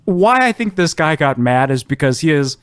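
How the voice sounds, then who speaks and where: A young man casually telling a funny travel story on a podcast, animated, laughing often, with many ums. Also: fairly high pitch, normal speed, dry recording. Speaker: podcast co-host.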